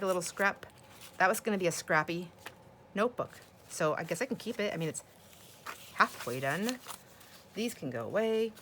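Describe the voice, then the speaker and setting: Chatty older woman with a lower voice. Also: slight background noise. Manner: chatty and rambling, often laughing. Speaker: craft vlogger. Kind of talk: casual chat while sorting craft supplies. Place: home craft room.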